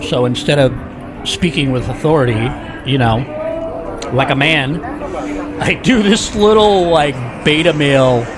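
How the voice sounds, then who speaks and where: Strolling through a bustling city, this man talks to his viewers for a casual tour vlog in a fairly high voice, keeping a measured pace and pausing often. Music plays in the background alongside street noise and city sounds.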